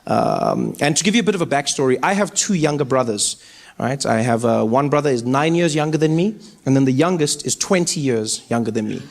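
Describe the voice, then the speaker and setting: A brisk, medium-pitched man in his thirties with a South African accent performs stand-up on stage before a live audience. He tells his stories with animation, acting out characters through big jumps in his voice.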